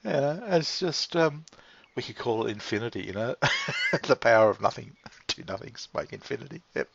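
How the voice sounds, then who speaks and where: A man's voice: mid-range voice, wildly swooping pitch, normal speed, vocal fry, fairly bright tone, a little hiss or hum. A man with an Australian accent talking in a rambling, casual way, laughing often and swearing freely. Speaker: vlog host. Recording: dull lo-fi recording.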